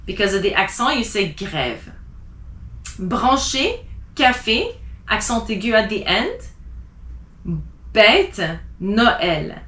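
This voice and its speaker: A woman teaching French pronunciation, spelling out letters and slowly repeating example words. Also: medium pitch, fairly bright tone, echoey room.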